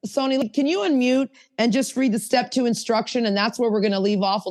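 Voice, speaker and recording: A woman teaching a sponsorship workshop over a video call, talking in a lively, chatty, coaxing way. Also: a little high, brisk.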